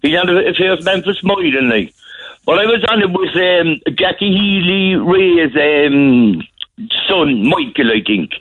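A man's voice: a little high, unhurried, slight background noise. A man with a Cork accent calling a radio show, telling a rambling story. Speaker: caller. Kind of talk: casual phone-in chat. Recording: tinny phone line.

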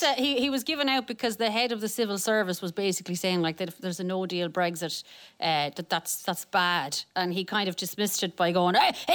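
A woman on a comedy panel, telling stories in a halting, rambling way. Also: high voice, sharp tone. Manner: rambling, halting, breaks into laughter. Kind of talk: casual comic banter.

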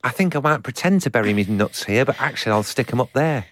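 A man voicing a chirpy little male squirrel with a Northern English accent, in a perky, bright manner. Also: mid-range voice, animated, fast, no room sound, close to an everyday voice. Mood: sly.

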